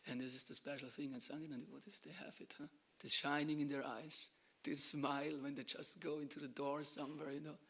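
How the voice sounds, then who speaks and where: Brief: male temple lecturer, slightly high voice, lively storyteller with hushed asides. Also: brisk, hardly any pauses, husky. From Germany. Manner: animated storytelling, acts out dialogue, drops to hushed asides. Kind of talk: devotional class talk.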